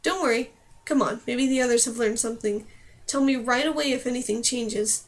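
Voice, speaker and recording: A woman reading a calm, thoughtful male mage. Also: fairly high pitch, close to an everyday voice. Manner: measured, musing, reassuring.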